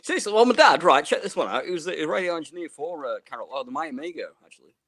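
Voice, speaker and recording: Man, caller, flustered, apologetic, fast talker, lively pitch. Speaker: caller to the quiz. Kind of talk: casual chat.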